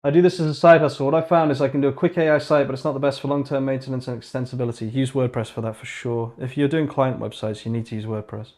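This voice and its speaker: A man's voice: medium pitch, steady tone, fast talker, few pauses, darkish tone. A man hosting a casual live-coding stream, reading chat aloud and muttering sarcastic asides as he works. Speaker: streamer building an online store.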